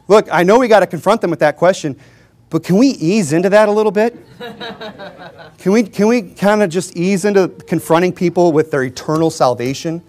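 A man with a fairly high voice delivers a sermon in a loose, conversational way. He jokes and chuckles as he goes and drives his points home with emphatic rhetorical questions to the congregation. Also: a little fast, darkish tone. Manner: informal and joking, often chuckling. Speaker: Baptist preacher.

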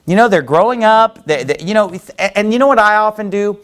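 A man's voice: high-pitched, expressive, fairly quick, a bit bright. A man preaching a sermon as a pastor, emphatic and conversational, with frequent "you know" asides.

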